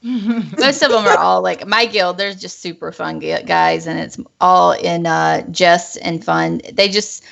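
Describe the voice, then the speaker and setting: A woman's voice: on the low side, steady tone, a little slow, creaky, a bit bright. A woman hosting a casual group livestream, chatty and rambling, often laughing between her words. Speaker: stream host. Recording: lo-fi voice call audio.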